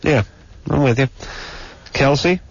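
A man's voice: mid-range voice, slow pace, gravelly, noisy background. A man hosting a call-in radio show, teasing callers in a joking, sarcastic way. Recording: dull lo-fi radio broadcast.

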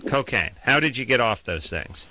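A man's voice: mid-range voice, lively intonation, normal speed, sharp tone, slight background noise. A man hosting a call-in radio show, joking sarcastically and rambling with restarts. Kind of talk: casual radio call-in banter.

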